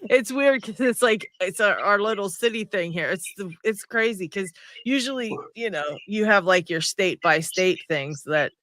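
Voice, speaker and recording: Pittsburgh dude chatting on a live stream, laughs a lot, high voice, dry sound. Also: male voice, animated, moderate pace, sharp tone, dry recording. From Pittsburgh, USA. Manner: laughs often, rambling. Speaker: livestream co-host. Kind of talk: casual livestream chat.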